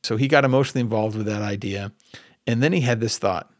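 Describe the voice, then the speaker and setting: A man's voice: fairly low pitch, quick pace, dry recording, clean studio sound. A man hosting a podcast, telling a long personal story in a casual, rambling way and often correcting himself as he goes. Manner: conversational, rambling with self-corrections. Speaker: podcast host. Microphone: podcast microphone at computer.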